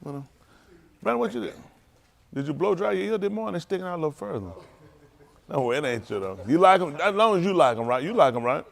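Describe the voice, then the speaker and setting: A man's voice: fairly high pitch, sing-song, fast, vocal fry. A man, a pastor making folksy, teasing small talk with his congregation in a loose call-and-response way before the service. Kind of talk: informal pre-sermon banter with congregation. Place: congregation hall.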